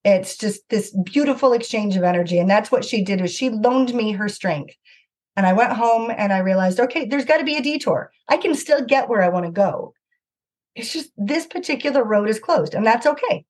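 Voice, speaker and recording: A woman's voice: on the high side, moderate pace. A middle-aged woman, an author and podcast guest, telling personal stories earnestly and acting out the things people said. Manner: earnest, animated anecdote-telling with acted-out quotes. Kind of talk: conversational storytelling.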